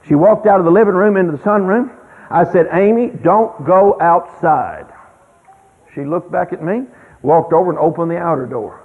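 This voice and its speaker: Older man, folksy emphatic storyteller, high and lively delivery, thin radio sound. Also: fast. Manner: folksy, anecdotal, emphatic with sudden loud exclamations. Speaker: speaker on child rearing. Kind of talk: storytelling talk. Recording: tinny lo-fi radio broadcast with long reverb.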